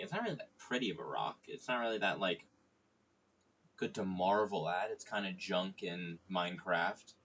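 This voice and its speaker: A man's voice: sits low, lively intonation, normal speed, a bit bright, a little hiss or hum. Joking, rambling young man streaming. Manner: joking, irreverent, swears freely; rambling with frequent fillers. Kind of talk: casual stream chat.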